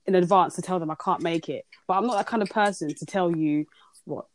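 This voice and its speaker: Low-voiced young woman, chatty. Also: brisk. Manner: chatty, exasperated, frequent quoted asides. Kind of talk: casual chat.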